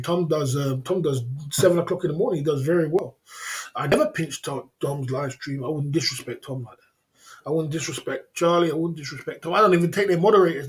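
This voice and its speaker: A man hosting a livestream, lecturing his chat in a repetitive, emphatic way and chuckling between points. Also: fairly high pitch. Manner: repetitive, emphatic, chuckling between points, keeps asking "you know what I mean". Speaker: livestream host. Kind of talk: casual livestream rant.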